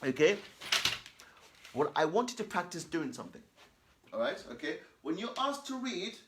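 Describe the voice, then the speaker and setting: A man's voice: sits high, very animated, fairly bright tone. A man giving children tips on reading aloud, emphatic and constantly checking in with "okay?" and "all right?". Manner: reads example sentences slowly and deliberately.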